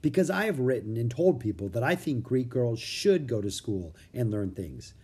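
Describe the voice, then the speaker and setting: A man voicing a kind, wise older philosopher in a children's storybook reading, slow and measured. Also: mid-range voice, lively intonation, a little mellow, husky.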